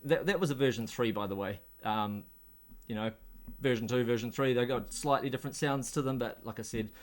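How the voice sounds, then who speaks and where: A man hosting a casual screen-share tutorial, relaxed and thinking aloud as he clicks through steps. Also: mid-range voice, brisk. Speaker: host.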